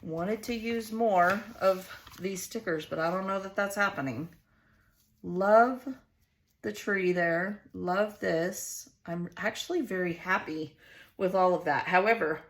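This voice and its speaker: A woman with a Southern US accent hosts a casual scrapbooking vlog, her mid-pitched voice animated and measured. She chats away, musing and questioning herself as she arranges stickers.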